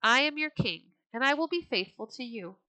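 A woman voicing a brash young Viking king who speaks in booming exclamations. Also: expressive, normal speed, bright, forceful tone, no room sound, poor audio. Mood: commanding.

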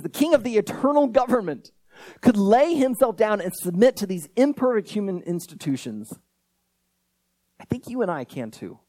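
A man preaching a sermon, telling a Bible story earnestly and closing in prayer. He rises to emphatic points and drops to quiet lines. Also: sits high, dry recording. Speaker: pastor.

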